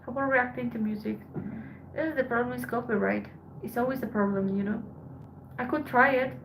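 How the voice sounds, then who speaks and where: A tired woman from Colombia, a Spanish speaker, chatting softly with her live-stream viewers as she reads their messages aloud. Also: fairly high pitch, steady tone, a little fast, gravelly, a little hiss or hum, poor audio. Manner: soft, subdued, switching between English and Spanish. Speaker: live streamer reading chat. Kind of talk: casual live-stream chat.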